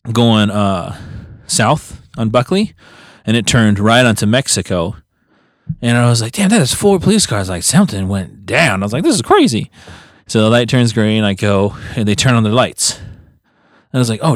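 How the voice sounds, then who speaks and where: In a relaxed podcast chat, this co-host recounts a long story and performs the quoted voices animatedly, swinging widely in pitch. The recording is studio quality with no echo.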